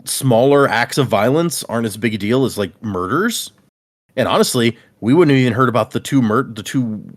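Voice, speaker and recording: A man chatting casually on a podcast, retelling a story with lively swings in pitch. He drops into brief voices for the characters and swears now and then. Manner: animated retelling with quick character asides. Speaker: podcast host recapping a book. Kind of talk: casual chat.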